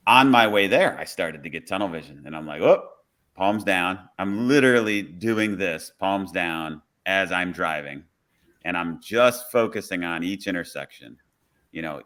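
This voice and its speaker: A man who is a police officer, telling a work story on a podcast in a relaxed, conversational way. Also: sits low.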